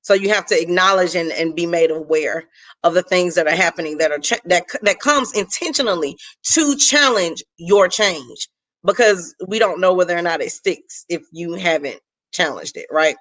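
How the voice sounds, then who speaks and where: Woman chatting on her morning faith livestream, says y'all, bright voice. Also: lowish voice, moderate pace. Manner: chatty, greets viewers, Southern "y'all". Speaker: host of a faith-based live stream. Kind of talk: casual live-stream talk.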